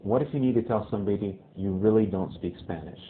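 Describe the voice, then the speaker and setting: A male Spanish teacher giving a casual video lesson who often checks in with "okay?" and repeats phrases slowly. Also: on the low side. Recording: tinny phone-like lo-fi audio with faint hiss.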